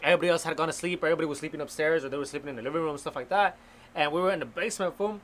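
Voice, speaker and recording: Rapid-fire storyteller. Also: male voice, a little high, fairly bright tone, a little hiss or hum. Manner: slangy, swears, switches into Spanish mid-sentence. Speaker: storyteller among friends. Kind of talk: casual chat, telling a ghost story.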